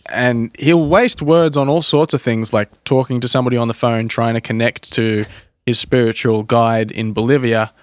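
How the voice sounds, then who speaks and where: Male podcast co-host, dry wry delivery, mid pitch, dead-dry sound. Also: steady tone, normal speed, smooth, no echo. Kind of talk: casual film review chat.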